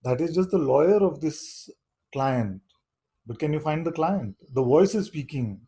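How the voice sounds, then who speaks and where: Mellow, husky-voiced male spiritual teacher. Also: on the high side, animated, rough recording. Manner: unhurried, questioning, keeps asking "you see?". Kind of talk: satsang talk to seekers.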